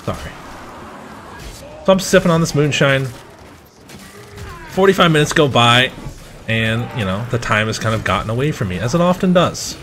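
A man playing a video game and commenting as he plays, swearing and shouting at the game, then rambling through a story. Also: mid-range voice, normal speed, pauses often, a little hiss or hum. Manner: profane, excitable outbursts at the game; chatty, rambling anecdotes. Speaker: gamer.

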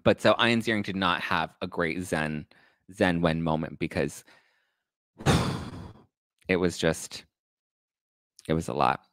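A young man hosting a casual gossip show, telling stories in a campy, animated way and swearing freely. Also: slow, long pauses, dry recording. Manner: animated, campy, swears freely, acts out quoted people in high voices. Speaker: host.

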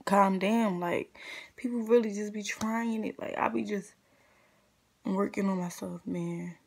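A woman's voice: medium pitch, steady tone, measured pace, vocal fry, a little mellow, slightly rough. A young adult woman vlogger telling a casual storytime rant, blunt, profane and exasperated, full of slang.

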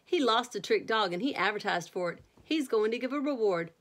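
A woman voicing a rough schoolboy bully in a bedtime storybook reading, speaking loudly and mockingly. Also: fairly high pitch, lively intonation, a little fast. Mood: taunting. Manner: taunting, loud.

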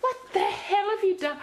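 A woman's voice: sits high, a bit bright, a little hiss or hum, rough recording. A woman filming her home, exclaiming and scolding her dog in exasperation. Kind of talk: casual home video. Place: house and garden, partly outdoors.

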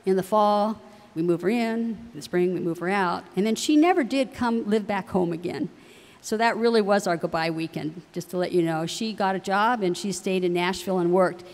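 Middle-aged woman speaker addressing parents, anecdotal and chatty, mid pitch, echoing auditorium. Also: moderate pace. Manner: warm anecdotal delivery with laughs. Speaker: university president's wife speaking to families. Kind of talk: storytelling speech to parents. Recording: long hall reverb.

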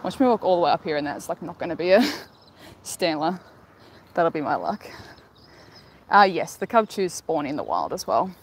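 A woman's voice: low-pitched, very animated, normal speed, long pauses, slightly rough, poor audio. A young woman chatting casually on a live stream while walking outside, upbeat and talkative as she greets viewers. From Australia. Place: outdoors, walking.

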